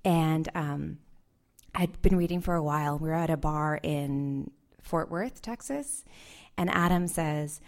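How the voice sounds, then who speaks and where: Slow, low-voiced woman reading poetry. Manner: soft, measured reading with hesitant asides. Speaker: poet. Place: live reading event before an audience.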